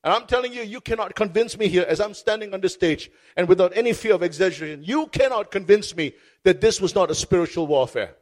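A man's voice: high-pitched, expressive, fast talker, few pauses. A man pastor preaching a sermon from a stage, telling his story with passion and repeating phrases for effect. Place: stage before a congregation.

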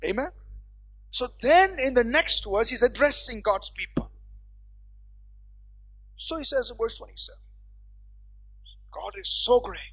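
A preacher delivering a sermon, calling on the congregation to respond and swinging between loud proclaiming and hushed, low asides. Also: expressive, unhurried, pauses often, slightly rough, soft background music.

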